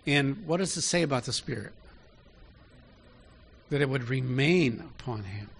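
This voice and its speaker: A man's voice: mid-range voice, animated, a little slow, creaky, fairly bright tone, breathy edge. A man preaching a sermon in an easy, conversational way, often asking his listeners direct questions.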